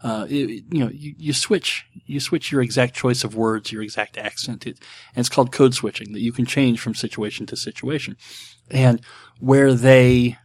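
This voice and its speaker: This is a Texan podcaster fielding listener questions in a laid-back, meandering monologue at his desk microphone. His middle-pitched voice is slightly rough, the audio has no room sound, and he keeps dropping ums, asides and jokes at his own expense.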